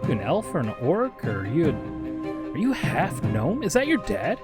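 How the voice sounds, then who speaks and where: A man's voice: mid-range voice, animated, moderate pace, loud music behind the voice, close to an everyday voice. A man playing a short, brash male racer who trash-talks his opponents in a crude, swaggering way. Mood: mocking.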